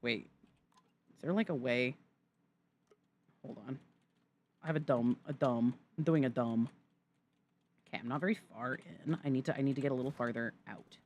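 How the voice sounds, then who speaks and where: A woman's voice: extremely low pitch, moderate pace, long pauses, lo-fi sound, a little hiss or hum. A young woman streamer giving chatty, giggly live commentary while playing a game. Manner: chatty, giggly, thanks chat excitedly.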